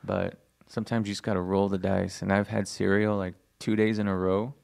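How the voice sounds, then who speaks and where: A man's voice: deep voice, little pitch movement, a little fast, gravelly, a little mellow. A man co-hosting a podcast in casual chat, rambling, joking and swearing freely. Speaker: podcast co-host.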